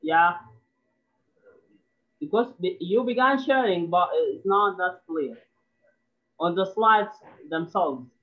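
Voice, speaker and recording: A man's voice: high-pitched, lively intonation, slow, long pauses. A man guiding a presenter during an online class, speaking patiently over call audio. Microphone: video call. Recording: tinny phone-like call audio.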